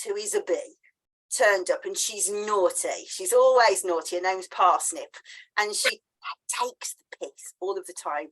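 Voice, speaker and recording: Woman host, chatty storyteller, very animated pitch. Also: poor audio. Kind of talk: casual conversational interview.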